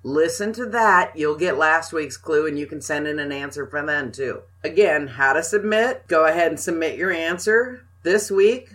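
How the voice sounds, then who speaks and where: A woman's voice: low-pitched, moderate pace, hardly any pauses, a bit bright. An older woman co-hosting a casual podcast, giving bossy, teasing instructions and banter. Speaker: podcast co-host. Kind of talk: casual chat.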